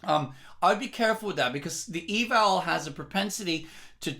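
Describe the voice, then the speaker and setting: Bright-voiced singing teacher. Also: male voice, high voice, fairly quick, vocal fry. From England. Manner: careful explanatory delivery. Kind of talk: vocal lesson.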